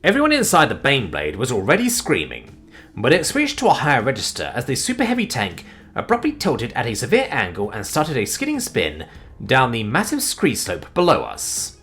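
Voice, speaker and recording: Lively male story narrator. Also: normal speed, faint music behind. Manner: animated and expressive, with sudden swings in pitch and loudness.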